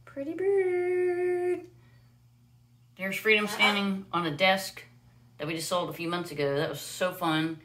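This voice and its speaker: A woman's voice: fairly even intonation, normal speed, noisy background. Woman chatting on a live stream. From United States. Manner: high sing-song baby talk to her bird, then plain chatty talk. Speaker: parrot owner and vlogger. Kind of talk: casual live stream chat.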